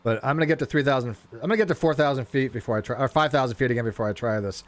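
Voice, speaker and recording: A man streaming a flight simulator, talking casually and rambling as he flies, often stumbling over his words and getting excited. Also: medium pitch, very fast. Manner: rambling, self-interrupting, excitable. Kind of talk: casual live gameplay commentary.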